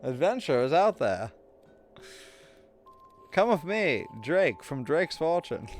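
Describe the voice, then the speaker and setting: A man's voice: fairly high pitch, very animated, soft background music. A man putting on a theatrical transatlantic accent as a dashing old-time adventurer, stretching out his words. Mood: grand. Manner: theatrical, drawn-out.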